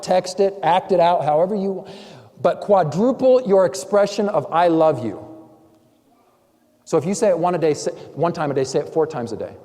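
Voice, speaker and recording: Male pastor, slightly high voice, chatty sermon delivery, long church reverb. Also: a little mellow. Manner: conversational preaching with acted-out quotes. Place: church sanctuary.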